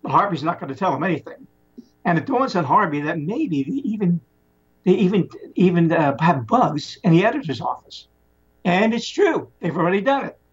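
A man casually retelling a story plot in a rambling, animated way, often restarting his sentences. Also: sits high, moderate pace, slightly rough. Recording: muffled lo-fi recording.

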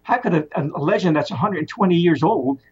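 Husky man telling a rambling story. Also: fairly high pitch, a little fast. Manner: rambling, animated retelling with many restarts. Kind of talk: casual spoken storytelling. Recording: muffled lo-fi recording.

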